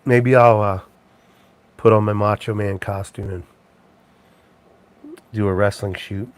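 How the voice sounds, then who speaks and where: A man's voice: lowish voice, fairly even intonation, unhurried, smooth. Chuckling man hosting a loose livestream. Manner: rambling, chuckling, lots of ums. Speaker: live show host. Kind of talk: casual livestream chat.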